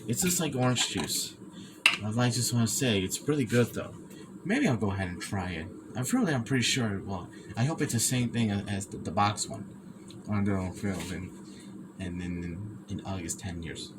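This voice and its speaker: A young man reviewing food in a casual vlog, talking haltingly, stumbling over words and repeating himself. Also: on the low side, animated, background noise.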